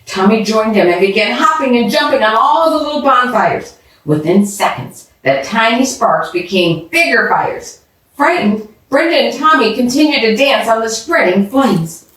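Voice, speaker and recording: A woman telling a children's bedtime story aloud, expressively, pausing to ask the listening children questions. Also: a little high, expressive, a bit bright. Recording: echoey room, distant mic.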